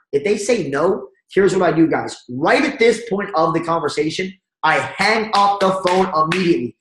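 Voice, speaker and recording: A man giving an energetic sales training talk and acting out phone calls as he coaches his audience. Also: fairly high pitch, normal speed, hardly any pauses, reverberant, poor audio. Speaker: network marketing trainer.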